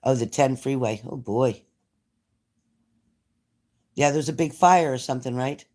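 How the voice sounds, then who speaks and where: In an unhurried, mid-range voice with a darkish tone, a man from New Jersey runs a casual livestream. He's talkative, picking up viewer comments, reading them out, and answering.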